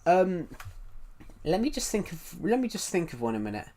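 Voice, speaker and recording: A man's voice: high voice, big pitch swings, moderate pace, dark tone. A young man from the south of England with a southern English accent, chatting casually on a game live stream and rambling through viewer comments with many restarts. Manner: rambling, repeats and restarts phrases while reading chat.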